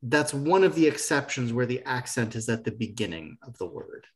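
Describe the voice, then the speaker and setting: A patient teacher speaking through a video call. The delivery is encouraging and explanatory, with mid-range pitch. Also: sing-song, moderate pace. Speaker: Hebrew teacher. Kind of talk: online class teaching.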